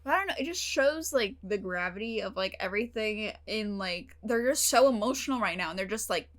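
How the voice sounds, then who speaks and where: A woman's voice: medium pitch, brisk. A young woman hosting her own channel, talking casually and emotionally to the camera, full of fillers and the odd swear word. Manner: emotional, animated, heavy use of fillers and swearing. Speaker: reaction channel host. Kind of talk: casual talk to camera about a TV episode.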